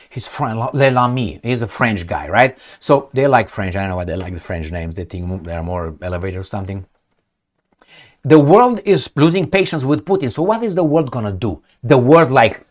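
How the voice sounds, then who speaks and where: A man's voice: mid-range voice, lively intonation, moderate pace. A man hosting a solo political commentary. He talks bluntly and sarcastically, swears, and rambles with searching fillers.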